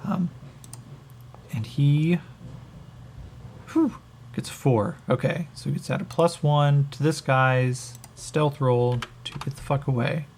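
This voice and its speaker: A man narrating a solo tabletop game as game master, thinking aloud, halting and swearing as he rolls. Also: on the high side, a little mellow, a little hiss or hum.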